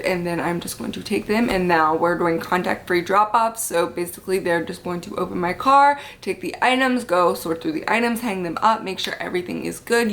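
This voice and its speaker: A young woman with a slight lisp, chatting upbeat and casually to camera as a mom vlogger at home. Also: medium pitch. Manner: chatty, upbeat, lots of fillers.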